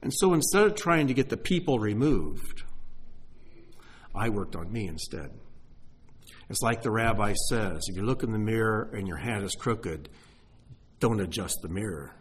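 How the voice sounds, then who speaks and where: A middle-aged man preaching a sermon, emotional, swinging from hushed asides to exclaiming. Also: on the low side, animated, moderate pace, pauses often, a little hiss or hum. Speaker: pastor.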